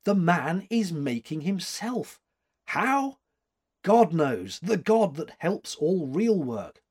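A brisk, imperious old woman critic fires off curt questions, put on by a man reading a storybook aloud. Her lines swing lively and high, with a husky grain to the voice. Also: full character voice. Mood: brisk commanding. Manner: curt, commanding, searching questions. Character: sharp, imperious elderly woman art critic.

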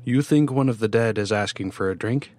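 A man's voice: fairly low pitch, brisk, a little mellow, lightly acted. A man voicing a stern, impatient veteran woman nurse who talks brusquely in a spoken horror story. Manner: brusque, scolding.

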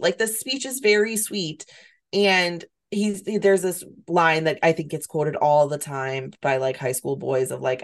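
A woman in her thirties with a low voice chats casually as a podcast co-host. Her remarks are wry and dry. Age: 30s. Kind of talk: casual chat.

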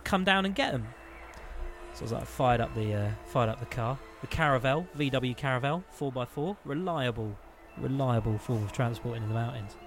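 A man, co-hosting a podcast and telling an anecdote with lively, excitable energy. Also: mid-range voice, a little fast, few pauses, soft background music. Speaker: podcast co-host. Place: podcast studio.

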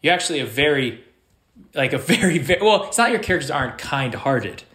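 A man who is a guest actor, talking casually and halting often as he searches for words. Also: fairly high pitch, big pitch swings, a bit bright. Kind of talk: casual conversation. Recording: roomy echo.

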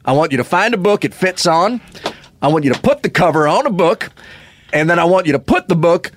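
A man's voice: high voice, expressive, a little fast, slight background noise. A man playing a cranky, swearing cowboy poet who hosts a comedy podcast, with folksy rural talk. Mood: boastful. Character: cranky male cowboy poet, gruff and defensive. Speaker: podcast host.

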